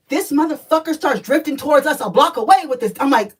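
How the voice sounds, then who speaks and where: A woman telling a personal story on a livestream, animated and profane, talking straight to her viewers. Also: high-pitched, a little fast, hardly any pauses, far from the mic, low-quality recording.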